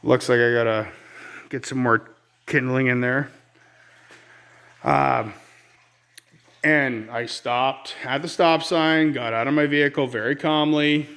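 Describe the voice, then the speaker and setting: A vlogger from Ontario, Canada, with a medium-pitched, fairly bright voice tells a rambling, exasperated story in a casual outdoor vlog on his rural homestead.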